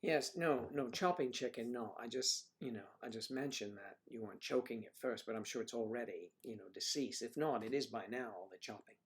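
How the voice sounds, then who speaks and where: Musing man chatting with his stream. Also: medium pitch. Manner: musing, drawn-out hums between comments. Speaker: livestream host reading chat. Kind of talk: casual livestream chat. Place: at home with TV in background.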